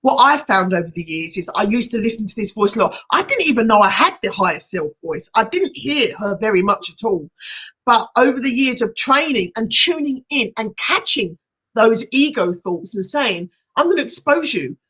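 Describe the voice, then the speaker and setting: A woman's voice: a little high, moderate pace, slightly rough. Encouraging woman hosting a live chat. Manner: encouraging, animated, reads viewer comments aloud. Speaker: hypnotherapist hosting a live session. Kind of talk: casual live-stream chat.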